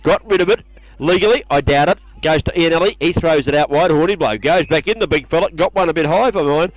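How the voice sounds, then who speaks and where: An Australian man calling a country football match as a commentator, excitable and building to shouts on big plays. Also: a little high, fast talker, no room sound, poor audio.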